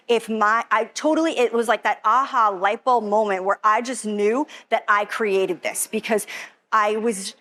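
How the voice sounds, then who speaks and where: A woman's voice: on the high side, a bit bright. Emotional woman telling her healing story. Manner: emotional, rambling, lots of "like" quoting herself. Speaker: testimonial speaker. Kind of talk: personal testimony.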